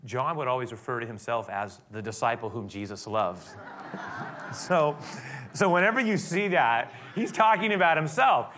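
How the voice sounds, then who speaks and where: A man preaching a sermon, retelling a story in a conversational way that swells into emphatic high points. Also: animated, moderate pace, fairly bright tone, slight background noise. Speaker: pastor.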